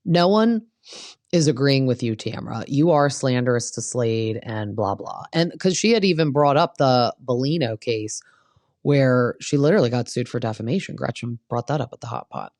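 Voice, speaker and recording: A woman's voice: rumbling low, moderate pace, darkish tone, no echo. A woman hosting a casual gossip recap of reality TV, blunt and opinionated, who swears freely.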